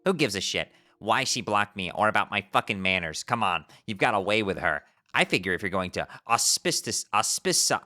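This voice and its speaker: A low, forceful-voiced man reading a comic aloud on stream. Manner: stumbles over odd words and swears casually; breaks off reading to laugh and comment. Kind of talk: casual live-stream read-aloud.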